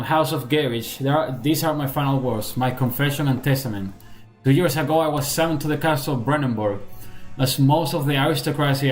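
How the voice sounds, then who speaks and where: Man voicing a doomed nobleman, remorseful, solemn, halting, mid-pitched voice, faint music behind. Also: lightly acted. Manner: solemn, halting read-aloud with stumbles. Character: doomed remorseful male nobleman writing his confession.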